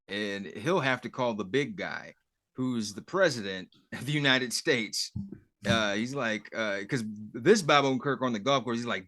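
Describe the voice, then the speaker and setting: A man's voice: mid-range voice, normal speed, pushed and bright, no echo, studio quality. A man co-hosting a podcast in casual chat, easygoing and rattling off details as he recaps a show. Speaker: podcast co-host.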